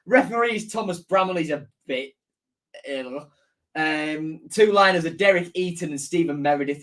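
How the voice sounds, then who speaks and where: A man hosting a casual live-stream football match preview, chatting and reading out viewer comments as he answers them. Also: on the high side. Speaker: football fan channel host.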